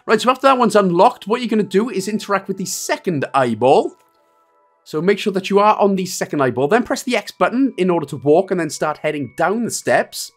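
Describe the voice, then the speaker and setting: A man's voice: sits high, expressive, brisk, soft background music. A man with a Welsh accent hosting a game walkthrough, giving step-by-step instructions with chatty, self-mocking asides. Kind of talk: joking gameplay walkthrough commentary.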